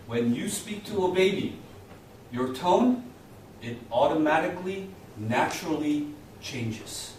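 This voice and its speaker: A man in his thirties teaching a communication class, lively and often asking the students questions. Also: fairly high pitch, slow, noisy background. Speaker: communication skills instructor. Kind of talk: lecture to a class. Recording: echoey classroom from a distance.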